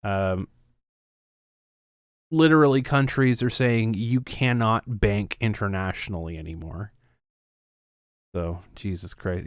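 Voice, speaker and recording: A man's voice: on the low side, expressive, measured pace, pauses often, dry recording, clean studio sound. A Canadian man co-hosting a casual podcast, ranting sarcastically with frequent swearing and laughter. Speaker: podcast co-host.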